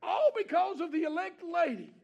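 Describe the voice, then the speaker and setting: A pastor preaching an impassioned sermon to a congregation in a church. He urges the listeners on, swinging from shouting to hushed, low passages. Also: expressive, normal speed, vocal fry, muffled recording. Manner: repeated call-and-response exhortations to the congregation.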